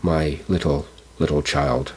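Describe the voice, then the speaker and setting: A man's voice: sits low, sing-song, brisk, vocal fry, a little mellow, husky, full character voice. A man voicing a mild, kind father in grief in an audiobook reading. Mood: sorrowful. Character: grieving middle-aged father, mild and kind.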